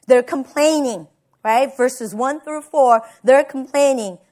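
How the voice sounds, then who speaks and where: Woman pastor with a high voice, storytelling sermon, conversational. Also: takes it slowly, mellow. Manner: personal storytelling, tags lines with "right?".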